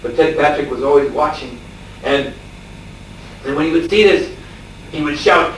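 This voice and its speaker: A man's voice: on the high side, moderate pace, crowd noise. Echoey male monk telling a story. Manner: storytelling with chuckles and frequent fillers. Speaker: monk lecturer. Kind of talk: anecdotal scripture class. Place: lecture room at a farmstead. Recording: echoey room, distant mic, faint hiss.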